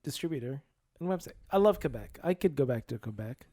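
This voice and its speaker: A man's voice: medium pitch, lively intonation, brisk, warm tone. A man co-hosting a podcast in casual chat. He tells stories and acts out his own reactions. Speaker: podcast co-host.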